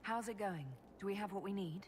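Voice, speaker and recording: An actress playing a calm, direct female leader in a video game, giving short, direct replies. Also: medium pitch, fairly quick, big-room sound, a little hiss or hum, lightly acted.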